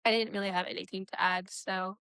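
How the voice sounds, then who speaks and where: A woman co-hosting a book discussion podcast, adding brief, quiet remarks. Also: mid-range voice, flat delivery, a little fast, clear, resonant tone, no echo. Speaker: podcast co-host.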